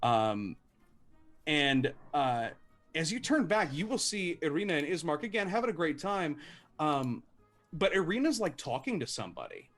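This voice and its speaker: Acting as game master for a tabletop game, a man narrates in a slightly high, sing-song, somewhat bright voice at normal speed. He rambles with many fillers and restarts and swears casually, over soft background music.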